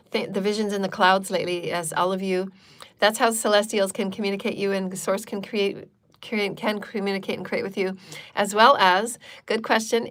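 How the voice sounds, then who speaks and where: A woman hosting a live channeled spiritual talk, speaking in repetitive, chant-like affirmations and loose, chatty asides. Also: mid-range voice. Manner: chatty and loose, with frequent fillers.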